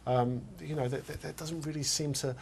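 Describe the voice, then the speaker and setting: Hesitant man talking football, faint rumble. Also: fairly even intonation, moderate pace, vocal fry, darkish tone. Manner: hesitant, repeats words while thinking. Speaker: football pundit. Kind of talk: casual studio discussion.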